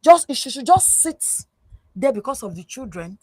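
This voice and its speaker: A woman with a Nigerian accent on a talk show, giving animated, preachy advice, switching into Yoruba and often asking "you understand?". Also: high voice, normal speed, slightly rough, no echo, studio quality. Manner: mixes English with Yoruba. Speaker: guest. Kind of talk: casual talk show chat.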